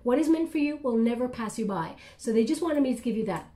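Woman tarot vlogger, casual and reassuring, warm mellow tone. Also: fairly high pitch, animated, quick pace. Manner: chatty, reassuring, many fillers and "okay?". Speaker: tarot reader. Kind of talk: casual tarot reading vlog.

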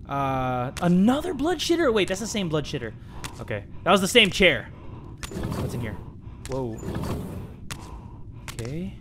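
A young man commentating a horror game, excitable and jokey, dropping to a hush and then shouting. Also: fairly high pitch, measured pace, pauses often, background noise. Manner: excitable, jokey, swings between hushed and shouting. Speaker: gaming commentator.

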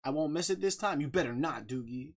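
A man streaming a game live, chatting casually, reading out viewer shout-outs, joking and laughing often. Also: a little high, brisk. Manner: bursts of loud excited talk.

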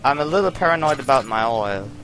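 A man's voice: medium pitch, animated, fast, a bit bright, slight background noise. A man commenting on a horror game as he plays, nervous, easily startled and laughing at his own fear. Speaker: let's play host. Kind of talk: jittery gameplay commentary.

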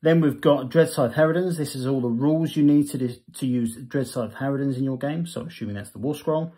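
A man's voice: medium pitch, a little fast, warm tone. Casual male hobby reviewer; chatty, reads magazine text aloud, stumbles and self-corrects.

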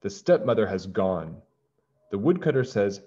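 A man with a low voice reads a children's storybook to his class, his voice rising and falling a great deal. He speaks slowly and clearly, like a teacher. The recording is dull and lo-fi. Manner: slow, clear and expressive for children. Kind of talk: children's storybook read-aloud.

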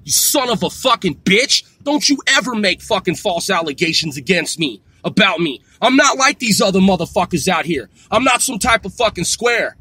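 A man's voice: high voice, animated, normal speed, hardly any pauses, sharp tone, breathy edge, dry recording. A man in his forties ranting to camera, boastful and trash-talking, swearing constantly and tacking "man" onto his lines. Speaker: vlogger. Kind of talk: profane boastful rant to camera.

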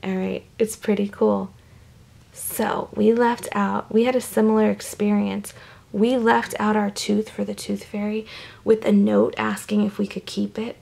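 Gravelly woman reading a picture book to kids. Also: mid-range voice, unhurried. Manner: animated, chatty, drops to whispers. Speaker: children's story reader. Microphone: camera.

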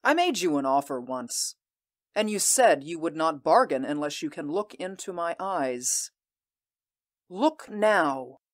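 A proud warrior queen speaks in a somewhat low, unhurried voice, as a woman acts her out. She sounds intense and commanding, weighing each word. Her ambition and iron pride carry through a radio-drama style reading. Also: animated. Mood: proud, fierce. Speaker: voice actor. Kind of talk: audio drama acting.

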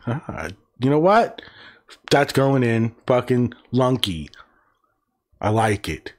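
A man's voice: mid-range voice, very animated, slow. A man hosting a casual livestream, reading words aloud and reacting with profane, sarcastic, muttered asides. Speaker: livestream host.

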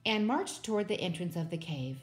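A woman with a lowish voice reads a children's storybook aloud, steady and expressive. Soft music plays faintly behind her. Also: brisk. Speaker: storybook reader. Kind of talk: children's book read aloud.

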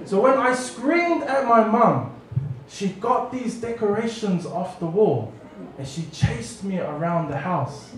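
A man's voice: high voice, animated, slow, slight background noise. A man preaching a humorous, audience-engaging story sermon in a church hall. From New Zealand. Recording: echoey hall from far off.

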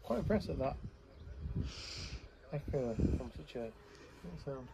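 A man chatting off camera on a day trip, with a dry, low-key delivery. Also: expressive, measured pace, creaky. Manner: dry and low-key, speaking away from the mic. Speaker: partner on the trip. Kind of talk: casual chat off camera. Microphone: someone else's handheld camera. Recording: noisy outdoor recording, off-mic.

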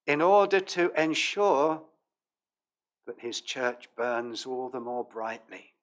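A man preaching a sermon as pastor, in a measured, earnest manner with old King James phrasing. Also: medium pitch, a bit bright.

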